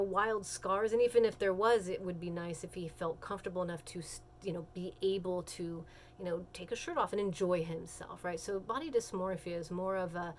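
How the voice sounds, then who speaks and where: A woman's voice: fairly low pitch, a little hiss or hum. A woman giving a recorded class lecture in a conversational, emphatic way, with frequent fillers and self-corrections.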